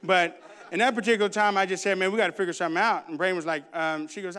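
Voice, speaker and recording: A male pastor delivers a sermon in an animated, storytelling way, acting out the voices of his family. His voice sits high and sounds smooth and resonant. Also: rapid-fire.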